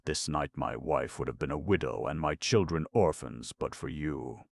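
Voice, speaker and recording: A man's voice: a bass voice, normal speed, creaky, no room sound, studio quality, exaggerated voice. A man voicing a stern old steamboat captain. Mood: grateful. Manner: commanding, clipped orders.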